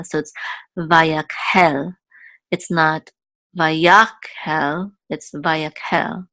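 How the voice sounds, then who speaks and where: A woman teaches Biblical Hebrew, patiently explaining Torah cantillation with many fillers before singing the chant marks. Her voice is lowish and fairly bright, with no room sound.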